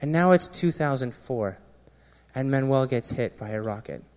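A man, a former Marine, sharing an earnest personal testimony with a gathering, often dropping quiet and low at painful moments. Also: expressive, normal speed. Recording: long reverb of a large hall.

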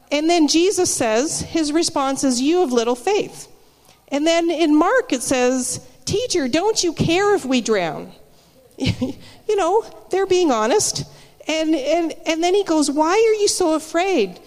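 High-voiced chatty woman preaching in a hall. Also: a little mellow. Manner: chatty, storytelling, with frequent restarts. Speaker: church speaker. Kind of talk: casual spoken sermon.

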